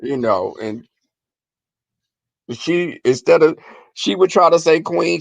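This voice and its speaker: A man telling comic family stories on his vlog, animated and profane, often breaking into laughter. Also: on the high side, slow, creaky, pauses often, no room sound. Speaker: vlogger. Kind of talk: comic storytelling.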